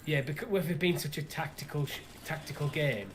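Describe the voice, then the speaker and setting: A man's voice: on the high side, a little fast, a little hiss or hum. Easygoing man chatting while gaming. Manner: relaxed, agreeable, thinks out loud. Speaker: livestream co-host. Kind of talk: casual gaming chat.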